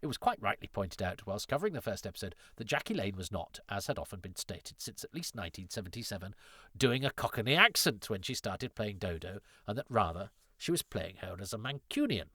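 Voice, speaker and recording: Male podcast host, lowish voice, wry and rambling, dry close mic. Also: very animated, a little fast, sharp tone, dry recording. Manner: chatty, self-interrupting, wry. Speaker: podcast host reading listener letters. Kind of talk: casual chat.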